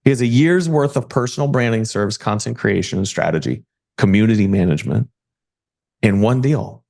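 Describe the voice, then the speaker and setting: A man with a fairly low voice speaks to an audience like a motivational coach. He drives points home with rhetorical questions and short punchy lines, then shifts into a direct sales pitch. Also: animated, a little fast, gravelly, a little mellow. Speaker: personal branding agency owner. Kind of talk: live presentation pitch.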